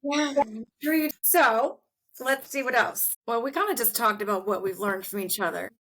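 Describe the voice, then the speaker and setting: A woman hosting a podcast in casual chat, animated and heartfelt, laughing often as she talks. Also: on the high side, moderate pace. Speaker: podcast host.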